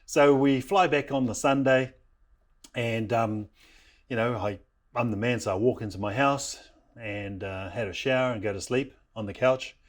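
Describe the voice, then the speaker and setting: Brief: middle-aged man from New Zealand, animated storyteller who slips into family voices, mid-pitched. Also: normal speed. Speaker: parenting program speaker. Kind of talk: storytelling talk.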